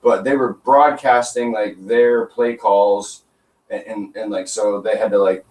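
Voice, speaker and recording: A man's voice: lowish voice, fairly even intonation, darkish tone. A man from New England co-hosting an internet radio show, joking casually with lots of fillers. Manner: joking, lots of fillers and quick put-on voices. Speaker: radio co-host. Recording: roomy and distant from mic.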